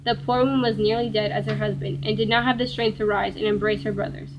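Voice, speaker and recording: A woman's voice: medium pitch, fairly even intonation, quick pace, noisy background. Woman reading a fairy tale aloud. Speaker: reader.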